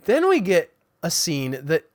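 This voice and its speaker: A man's voice: fairly high pitch, huge pitch swings, a little slow, dry recording, clean studio sound. A man hosting a podcast, giving a casual spoken recap of a TV episode, chatting loosely and restarting sentences as he goes. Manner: chatty, restarts sentences, paraphrases characters' dialogue.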